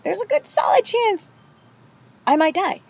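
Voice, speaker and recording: A woman's voice: very high-pitched, sing-song, a little slow, creaky. A woman hosting a casual podcast chat, blunt and swearing freely. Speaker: podcast host. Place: outdoors by a pool. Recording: muffled poolside recording.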